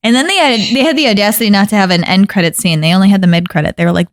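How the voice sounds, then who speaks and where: A woman co-hosting a podcast in casual chat, expressive and quick to laugh. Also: mid-range voice, no room sound, studio quality. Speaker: podcast co-host.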